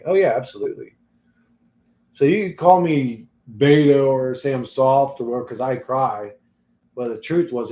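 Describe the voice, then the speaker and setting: A man's voice: medium pitch, a little mellow, roomy sound. A man hosting his own channel, ranting bluntly and profanely in a casual vlog, laughing often between points. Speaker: channel host.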